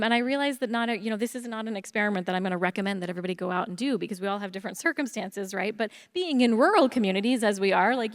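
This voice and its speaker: A woman speaking on a panel, telling a personal story in an earnest, reflective way. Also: medium pitch. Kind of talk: storytelling on a conference stage. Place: theatre stage. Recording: long hall reverb.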